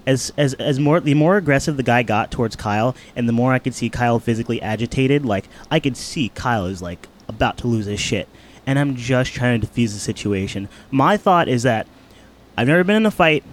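A young man recounting a tense encounter in casual chat, earnest, with halting restarts. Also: medium pitch, lively intonation, slight background noise.

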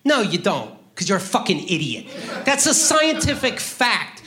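A man performing stand-up, his pitch leaping all over the place as he rants profanely. His voice is bright and cutting, and he breaks into sudden loud outbursts. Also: sing-song, a little slow. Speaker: stand-up comedian. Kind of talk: stand-up routine.

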